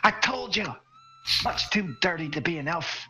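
A man voicing a curious, cheeky young hobbit boy who yells excitedly to his friends. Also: normal speed, gravelly, soft background music, exaggerated voice, rough recording. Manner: excited, high childish yelling.

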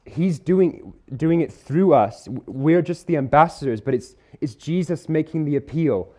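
Earnest man preaching, mellow voice. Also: fairly high pitch, expressive. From Isle of Man or UK. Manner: earnest, conversational, slows to stress key words. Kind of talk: sermon. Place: church hall.

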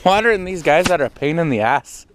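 A man vlogging casually outdoors on a farm, rambling and cursing with an on-and-off put-on accent, and coaxing animals in a high voice. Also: animated, quick pace, slight background noise. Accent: vague put-on accent that comes and goes. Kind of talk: casual vlog while doing farm chores.

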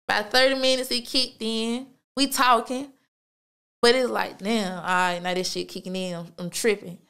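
A woman with a fairly high, creaky voice that sounds fairly bright and clean hosts her own podcast. She tells a story in a casual monologue, laid-back and slangy, swearing a lot and padding pauses with "like" and "you feel me."

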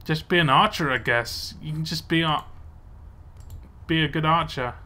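A man's voice: fairly high pitch, moderate pace, pushed and bright. A young man casually commenting on his gameplay, muttering to himself as he plays. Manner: chatty, muttering to himself while playing. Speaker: let's play gamer.

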